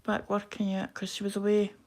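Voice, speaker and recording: A woman with a broad Scottish accent chatting quickly and casually to viewers on a live craft stream while she stitches. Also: mid-range voice, completely flat delivery, a little mellow, slight background noise. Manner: quick-talking, chatty, self-deprecating. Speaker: craft livestream host.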